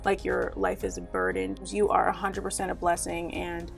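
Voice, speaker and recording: A woman's voice: on the low side, very animated, moderate pace, gravelly, faint music behind. A young woman telling her personal story to her viewers in an earnest, heartfelt way, sprinkled with "like". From Nigeria. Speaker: YouTuber. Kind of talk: storytime vlog to camera.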